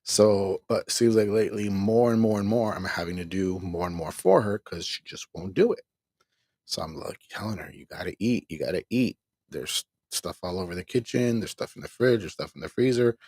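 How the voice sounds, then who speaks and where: A middle-aged man hosting a livestream, talking in a weary, exasperated way with a husky voice and rueful laughs while he reads the chat. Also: fairly low pitch, animated, moderate pace, darkish tone, no room sound, studio quality. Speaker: livestream host. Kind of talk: venting on a livestream, reading chat.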